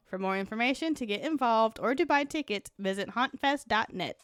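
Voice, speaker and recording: A woman's voice: fairly high pitch, fairly quick, clear, resonant tone, no room sound. A woman co-hosting a podcast, reading sponsor copy and a history story with frequent laughs. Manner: laughs often, lively reading. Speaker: podcast co-host.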